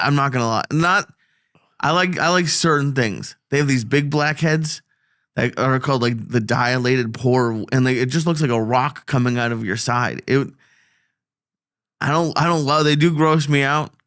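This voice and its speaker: A young man as co-host in a casual chat, talking in halting, "like"-filled bursts and laughing often. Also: mid-range voice, fairly bright tone, no echo, studio quality.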